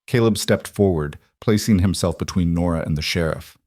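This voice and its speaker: Low-voiced man narrating a western. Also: darkish tone, dry recording, studio quality. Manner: brisk, dramatic storytelling. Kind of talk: dramatic audiobook narration.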